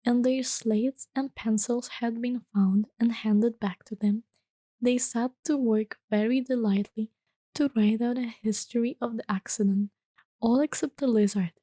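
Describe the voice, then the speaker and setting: A woman reading a bedtime story in a gentle, hushed soft-spoken ASMR style that slips into whispers. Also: a little high, no room sound.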